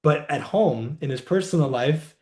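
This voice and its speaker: A man, a guest healer and coach, telling client stories in a measured, reflective way in a podcast interview. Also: on the high side, animated, dark tone.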